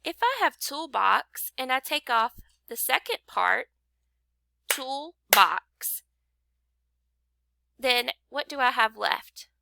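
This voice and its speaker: A woman's voice: high voice, very animated, vocal fry, sharp tone. A woman teaching a phonics lesson, patiently sounding out rhymes and syllables for young learners. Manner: slow, patient, clapping out syllables.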